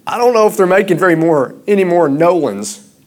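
Preaching man, halting then impassioned. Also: high voice, very animated. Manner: rambling and halting at first, then rising and impassioned. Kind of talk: sermon.

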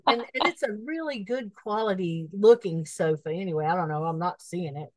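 A woman's voice: fairly low pitch, fairly quick, a little mellow, no room sound, low-quality recording. A woman co-hosting a podcast in easygoing casual chat, laughing often and reading out listings. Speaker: podcast co-host.

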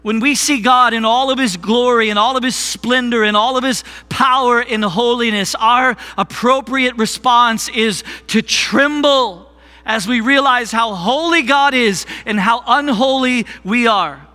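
Slow, high-voiced man preaching a sermon. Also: pushed and bright, big-room sound. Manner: slow, deliberate preaching with call-and-response. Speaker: worship pastor preaching. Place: church sanctuary.

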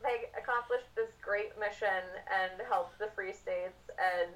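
A woman's voice: medium pitch, measured pace, a bit bright, recorded from a distance, poor audio. A woman co-hosting a casual book discussion, thoughtful and rambling, with lots of "like"s. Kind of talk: casual chat. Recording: voice a bit off-mic.

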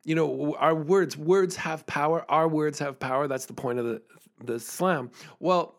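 A man's voice: on the high side, normal speed. A man hosting a podcast, telling stories in an earnest, chatty way, laughing often and restarting phrases. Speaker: podcast host and school songwriting performer. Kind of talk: storytelling monologue.

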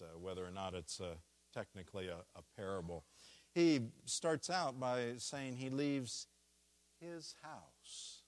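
A man preaching a sermon, walking through a scripture passage and leaning hard on key words. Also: lowish voice. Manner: slow, deliberate preaching with stressed key words. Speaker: pastor.

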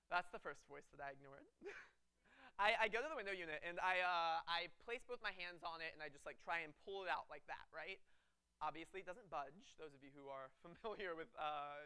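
Bright, animated young preacher man. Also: on the high side, a little fast, clean tone. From Texas. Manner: animated, laughing often, many fillers. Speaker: student pastor. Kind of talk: humorous sermon storytelling. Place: church before a live congregation.

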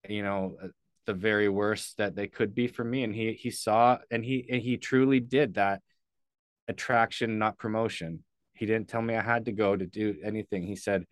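A man's voice: fairly low pitch, clear, resonant tone, no room sound, studio quality. A man, a podcast guest, telling a story candidly and earnestly, loosely and with casual swearing.

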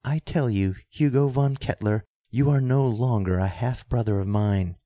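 A man's voice: mid-range voice, normal speed, mellow, dry recording, close to an everyday voice. A man doing a desperate, defiant young woman. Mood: impassioned. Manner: impassioned, urgent.

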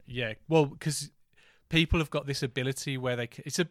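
A man's voice: medium pitch, fairly even intonation, brisk, a bit bright, dry recording, studio quality. A man, chatting casually and enthusiastically as a podcast co-host. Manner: enthusiastic, easygoing film talk. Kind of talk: casual chat.

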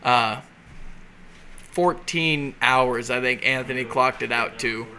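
A man telling a story in a relaxed way in a casual podcast chat, quoting both sides of a phone call. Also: mid-range voice, takes it slowly. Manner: relaxed storyteller, quotes others in dialogue.

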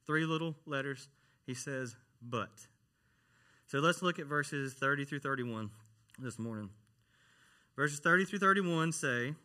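A man's voice: fairly high pitch, sharp tone. A man, a church worship minister, preaching a conversational sermon and often asking the congregation questions.

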